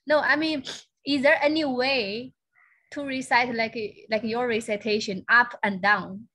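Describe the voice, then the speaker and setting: A woman's voice: on the high side, steady tone, unhurried, pushed and bright. A woman student asking her teacher questions in class, hesitant and full of fillers.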